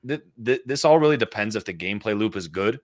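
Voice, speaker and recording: A man's voice: on the low side, animated, fast, no room sound, clean studio sound. A man hosting a livestream, chatting loosely and hyping his viewers with profane banter. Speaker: livestream host. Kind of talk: casual livestream chat.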